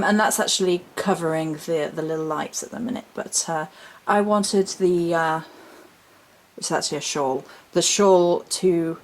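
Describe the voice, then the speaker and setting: A woman with a low voice, talking casually as she shows her home altar. She rambles gently and chattily, drifting into little asides. A faint hiss sits under her voice. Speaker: witch vlogger showing her altar. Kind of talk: casual spoken vlog.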